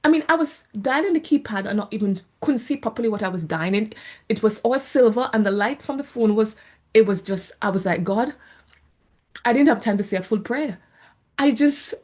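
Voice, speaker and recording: A woman, sharing a faith story in casual, animated speech and acting out her own prayers. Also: on the high side, normal speed. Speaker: faith vlogger sharing a testimony. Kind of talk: casual spoken testimony.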